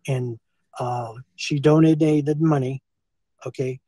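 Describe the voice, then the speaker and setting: This older man from the United States, once a school teacher, is caught on a handheld phone while being confronted, talking in long meandering runs peppered with "okay" and "and so forth." He speaks slowly in a steady, mellow mid-range voice. The audio is poor, though echo-free.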